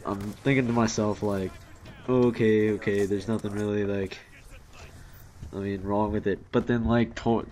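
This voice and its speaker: A man's voice: fairly low pitch, darkish tone. A young man telling stories in a casual, rambling commentary, full of fillers and restarts. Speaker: commentary youtuber. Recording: faint background noise.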